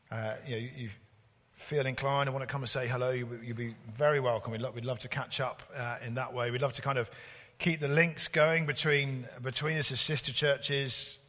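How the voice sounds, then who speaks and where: A man preaching a sermon as a visiting preacher, conversational and halting, full of fillers and restarts. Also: mid-range voice, fairly bright tone, big-room sound.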